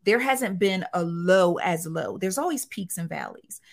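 Expressive woman telling her story candidly. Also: on the low side, unhurried, creaky. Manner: expressive, animated, with colloquial phrasing. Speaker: guest.

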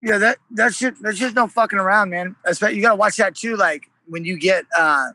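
Brash, swearing male guest, bright and high. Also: brisk, no room sound, poor audio. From San Jose, California. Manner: brash, swears constantly, animated storyteller. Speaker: musician guest. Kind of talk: casual chat.

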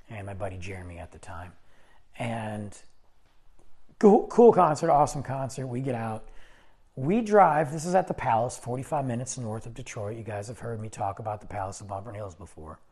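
A man hosts his podcast and tells a personal story in a casual, chatty way. His voice is a little husky and swings widely in pitch as he gets animated. Now and then he acts out the other people's lines. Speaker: podcast host.

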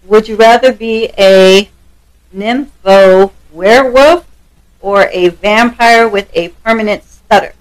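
A woman's voice: medium pitch, slow pace, slight background noise, low-quality recording. A woman co-hosting a casual comedic podcast, teasing and reading out the questions. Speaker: podcast co-host.

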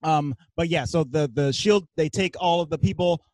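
A man's voice: fairly high pitch, moderate pace, a little mellow, dry recording, poor audio. A man casually recapping a film's plot as podcast co-host, with ums and little laughs. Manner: recounts plot with hums and giggles. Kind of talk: casual movie recap chat.

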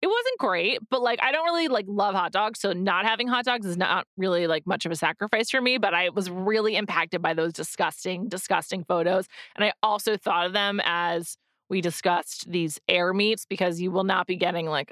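A woman co-host chats casually, her voice bright and forward. She talks in bursts full of "like" fillers and quick restarts. The sound is dry and close, with no room around her. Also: on the low side, dry recording. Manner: chatty, many "like" fillers and restarts. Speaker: podcast co-host. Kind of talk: casual chat. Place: in New York.

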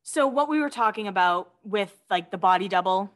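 A woman's voice: mid-range voice, lively intonation, moderate pace. A woman co-hosting a podcast, chatting casually and reading out celebrity gossip items with gushing asides. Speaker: podcast co-host.

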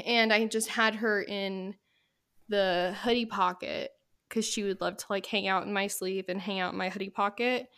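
A woman's voice: medium pitch, steady tone, normal speed, a bit bright, smooth. A young woman hosting a podcast, tearful and apologetic, rambling with lots of fillers in casual chat. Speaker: podcast host.

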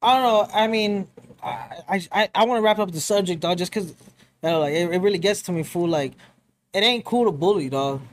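A man's voice: sits high, fairly quick, slight background noise. A young man co-hosting a podcast, chatting casually, swearing often and calling people dog and fool. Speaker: podcast co-host. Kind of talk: casual chat.

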